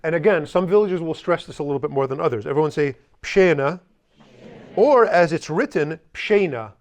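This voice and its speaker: A man's voice: fairly high pitch, lively intonation, fast. Upbeat man teaching a language class. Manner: joking asides, drills the class with repeat-after-me.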